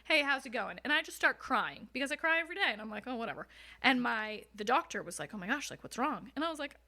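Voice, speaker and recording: A woman's voice: fairly high pitch, very animated, quick pace, pushed and bright. A young woman guest telling her own story in a frank, casual way, swearing freely and laughing through hard moments. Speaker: podcast guest. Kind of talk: candid conversational storytelling.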